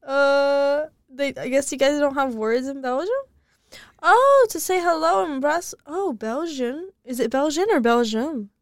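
A woman's voice: sits high, lively intonation, measured pace, dry recording, clean studio sound. A young woman co-hosting a podcast in casual chat, giggling often and swearing offhandedly. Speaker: podcast co-host.

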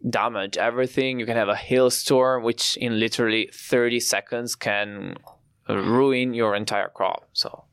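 A young Italian man with an Italian accent, explaining his family's winemaking with pride and frequent pauses. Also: medium pitch, fairly even intonation, fairly bright tone, clear, resonant tone, no room sound, clean studio sound. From Italy. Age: young adult. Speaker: winemaker guest. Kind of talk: podcast interview.

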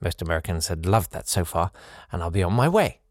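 A man's voice: low-pitched, a little fast, dry recording, studio quality. A man hosting a podcast, reading out a listener's letter with playful asides of his own. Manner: animated, playful asides between read passages.

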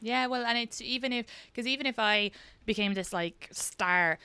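A woman with an Irish Kildare accent hosting a podcast, telling quick anecdotes, swearing freely and laughing often. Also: fairly high pitch, bright, forceful tone, clear, resonant tone, no echo. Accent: Irish, Kildare-Midlands. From Ireland. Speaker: podcast host and comedian. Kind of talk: casual chat.

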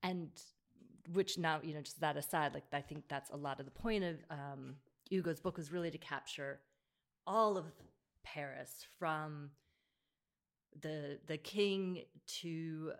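A woman's voice: deep voice, moderate pace. A woman talking through a book in a casual conversation, thoughtful, with frequent fillers and restarts. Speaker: bookshop podcast host.

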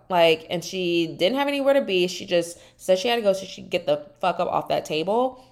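Solo woman podcast host, low-ish voice, sassy casual recap chat with exaggerated put-on quotes. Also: expressive, moderate pace. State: dry mouth.

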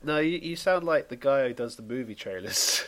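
Man, podcast co-host, teasing and laughing, restarts words, animated pitch, faint background noise. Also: normal speed. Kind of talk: casual chat. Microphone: video call.

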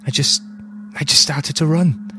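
A woman voicing a shaken, bedridden young village woman in a put-on Welsh accent, halting and repeating her words. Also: low voice, steady tone, background noise.

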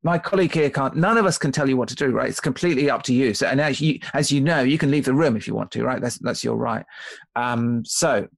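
On a podcast, an author appearing as a guest explains his ideas thoughtfully, often restarting sentences and checking in with "right?". He speaks fast at a medium pitch with vocal fry, and there's no echo.

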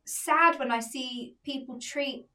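A woman's voice: high-pitched, takes it slowly, bright, forceful tone, distant mic. A woman in her twenties co-hosting a podcast, telling stories animatedly in casual chat and swearing freely. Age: 20s. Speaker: podcast co-host.

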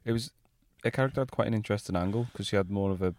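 A man's voice: lowish voice, very fast, darkish tone. A young man co-hosting a casual film review chat, hesitant and often restarting his sentences. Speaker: film podcast co-host.

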